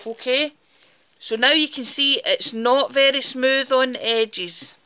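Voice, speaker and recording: Bright-voiced Scottish Borders woman crafting. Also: sits high, slow, clean tone. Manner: chatty, talks while working with her hands. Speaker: craft tutorial host. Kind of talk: casual step-by-step craft demonstration.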